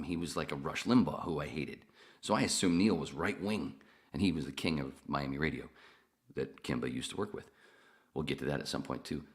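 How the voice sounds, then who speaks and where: Deep-voiced man telling rambling stories. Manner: rambling, profane, laughs while telling stories. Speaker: podcast host. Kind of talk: casual storytelling chat.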